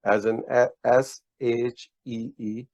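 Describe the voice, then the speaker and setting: Slow, patient man teaching a lesson. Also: mid-range voice, level tone, darkish tone, no echo. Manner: patient, slow explaining with frequent restarts and praise. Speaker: Urdu teacher. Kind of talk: casual one-on-one language lesson. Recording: dull, lo-fi, dry audio.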